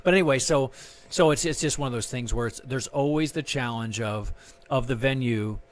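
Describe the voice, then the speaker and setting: A man's voice: mid-range voice, normal speed. A middle-aged man, a guest artist and filmmaker, chatting in an interview, rambling and self-mocking with many restarts. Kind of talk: casual interview chat.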